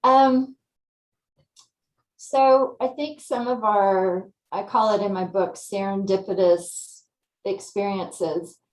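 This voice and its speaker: A woman from California, a guest telling her story in a lively, casual way and acting out her own thoughts. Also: mid-range voice, slow, roomy sound, rough recording. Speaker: interview guest.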